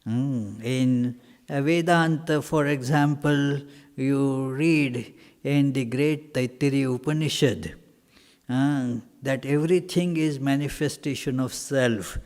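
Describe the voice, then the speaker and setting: A man, a monk teaching at a retreat, answers questions in a halting way, with many pauses and fillers and emphatic repetition. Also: mid-range voice, darkish tone. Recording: reverberant hall.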